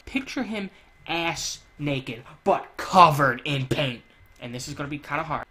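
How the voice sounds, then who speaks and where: A man's voice: mid-range voice, bright, forceful tone, a little hiss or hum. Profane ranting man playing a game. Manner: profane, ranting and crude joking. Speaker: gamer. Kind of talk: let's play commentary.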